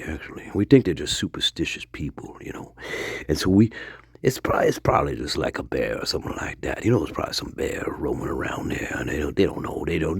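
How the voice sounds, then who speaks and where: A man playing a rambling, profane old Delta storyteller with a husky, gravelly voice, drifting off into digressions. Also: very deep voice, dry recording, studio quality, full character voice. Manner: rambling, profane, digressive, jumps between hushed mutters and loud outbursts. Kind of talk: improvised comedic monologue.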